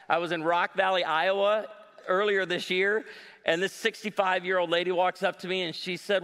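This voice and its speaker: A man's voice: high voice, brisk. A man in his forties doing live stand-up comedy, telling stories animatedly and acting out voices. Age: 40s. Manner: animated storytelling with voiced quotes. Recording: long hall reverb.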